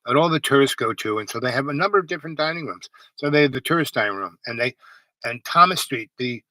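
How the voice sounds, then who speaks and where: A man's voice: mid-range voice, expressive, fast talker, pushed and bright, dry recording, poor audio. A man telling a meandering personal story, full of asides and restarts.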